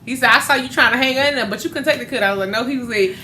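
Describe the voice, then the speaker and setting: Bright-voiced young woman telling a playful story. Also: fairly high pitch, quick pace, hardly any pauses, reverberant, slight background noise. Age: young adult. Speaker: podcast host. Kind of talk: casual chat.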